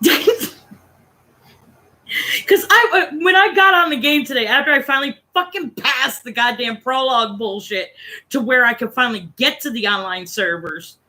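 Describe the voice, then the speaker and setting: Bright-voiced woman telling rambling stories. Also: high voice, moderate pace, rough recording. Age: 40s. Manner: profane, animated, acts out quoted voices. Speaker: streamer. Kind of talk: casual storytelling chat.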